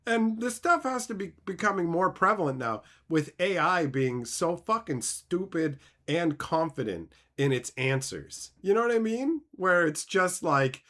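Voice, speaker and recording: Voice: mid-range voice, animated, a little slow, few pauses, a bit bright. A streamer reacting to chat in casual talk, sarcastic and mocking, swearing often and laughing between remarks. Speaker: streamer reading chat aloud.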